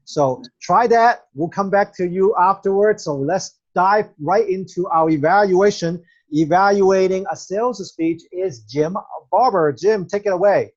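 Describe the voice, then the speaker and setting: A man hosting an online club meeting, introducing speakers in a brisk, businesslike way over dull, lo-fi video call audio. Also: sits high. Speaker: meeting host (toastmaster).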